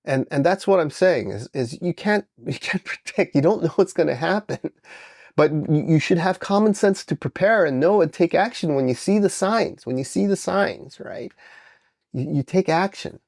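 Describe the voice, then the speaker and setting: A man's voice: a little high, animated, moderate pace, creaky, a little mellow, dry recording, clean studio sound. A man hosting and commenting casually, explaining his points and often checking in with "right?". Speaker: host.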